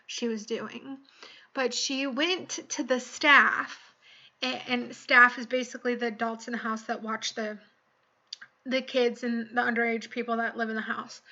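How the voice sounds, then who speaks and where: Earnest young woman telling her story. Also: fairly high pitch. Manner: earnest, animated retelling with quoted voices. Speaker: vlogger. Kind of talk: personal storytelling to camera. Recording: dull lo-fi recording.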